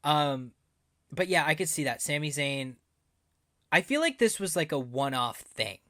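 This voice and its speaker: A man co-hosting a wrestling podcast in casual chat, animated and laughing often. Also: on the high side, measured pace, dry recording, clean studio sound. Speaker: podcast co-host.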